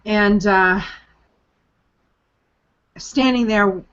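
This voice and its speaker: A woman's voice: mid-range voice, drawn-out words, a bit bright, clear, resonant tone, highs cut off. A woman leading a group coaching call, speaking in an earnest, emphatic way and repeating phrases for stress. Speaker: coaching program leader hosting a group call. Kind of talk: motivational talk on a conference call.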